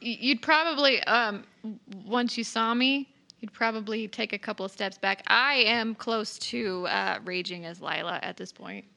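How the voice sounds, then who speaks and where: Casting: woman player, gravelly, bright and chatty. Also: on the high side, moderate pace. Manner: conversational, with fillers. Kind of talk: casual game talk.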